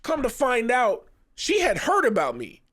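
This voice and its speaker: A man in his thirties from South Florida, a guest actor telling casual, animated stories full of slang and acted-out quotes. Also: very high voice, unhurried. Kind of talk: casual storytelling chat.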